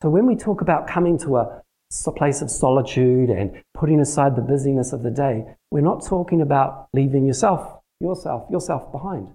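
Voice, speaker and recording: A man's voice: medium pitch, moderate pace, dark tone, rough recording. A man teaching a church group in a plain, conversational sermon, using practical everyday examples. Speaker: church teacher leading a prayer session.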